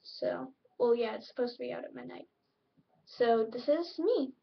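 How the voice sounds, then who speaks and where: A woman's voice: a little high, moderate pace, gravelly, far from the mic, muffled recording, a little hiss or hum. A woman hosting a casual home vlog, chatty and rambling. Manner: rambling, chatty, filler-heavy. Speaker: vlog host.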